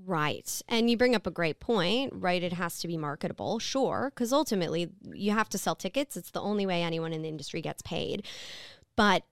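A woman in her thirties hosts a relaxed interview, her voice smooth and resonant and a touch low. She affirms and encourages her guest often. The sound is close and dry. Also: a little fast, dry recording. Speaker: podcast host. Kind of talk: casual interview.

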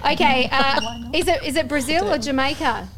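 Brief: woman, podcast host, brisk questioner, fairly high voice. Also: a crowd in the background. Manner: brisk, steers the talk with questions. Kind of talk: casual panel chat.

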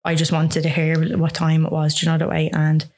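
Low, flat-voiced Irish woman telling her story. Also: brisk. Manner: earnest, frank, lots of "like" fillers. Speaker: guest. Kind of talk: recounting a personal story in conversation.

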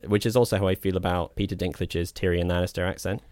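A man's voice: deep voice, fairly even intonation, fast, a little mellow, no echo. A man co-hosting a casual film chat, thoughtful and hesitant. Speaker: podcast co-host.

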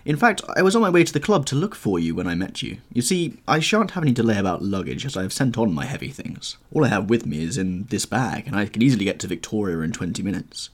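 A man's voice: on the low side, big pitch swings, fast, hardly any pauses. A man voicing an earnest, pleading painter. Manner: earnest and pleading, rising in urgency. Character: grave, earnest male painter, anxious friend. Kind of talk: audiobook character reading.

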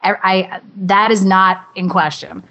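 A woman's voice: mid-range voice, steady tone, bright, forceful tone. A woman, a guest actress, chatting cheerfully in an interview and babbling on in a bubbly, self-mocking way. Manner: cheerful, babbling, quick to laugh. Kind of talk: casual interview chat.

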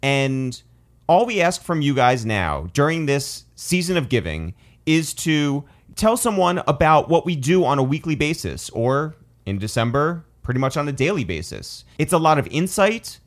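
Lively, laughing podcast host, a man. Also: normal speed. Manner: upbeat, laughs a lot, promo-style pitches. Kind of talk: casual podcast chat.

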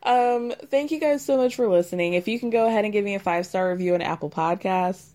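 A woman hosting a podcast, casually retelling a reality-show storyline in a chatty, animated way. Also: medium pitch, fast. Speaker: podcast host.

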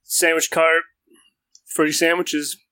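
A man's voice: a little high, flat delivery, takes it slowly, bright, forceful tone, clean tone. A man voicing a terse, guarded male sandwich-cart vendor in a tabletop game, with a dry delivery.

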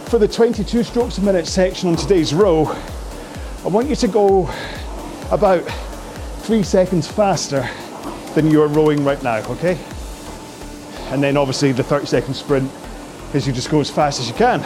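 A man coaching a rowing workout, chatty and jokey, talking while he rows on a machine. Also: fairly high pitch. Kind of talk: instructional workout talk.

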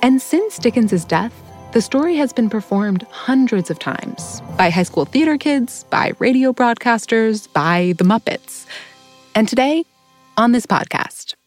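A woman hosting a podcast, giving measured scripted narration. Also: medium pitch, a little mellow, dry recording. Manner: measured, storytelling. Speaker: podcast host.

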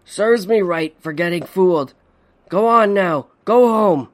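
A man voicing a desperate father trapped in freezing water, perhaps a monster mimicking him, pleading in strained shouts. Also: high-pitched, measured pace, pitched above the performer's own voice.

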